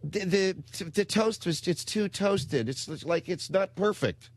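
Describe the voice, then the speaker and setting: A man's voice: high voice, expressive, slow, no room sound, voice pushed up, heavily acted. A man voicing a fussy, picky young girl in a whiny, fretful way on a comedy radio show.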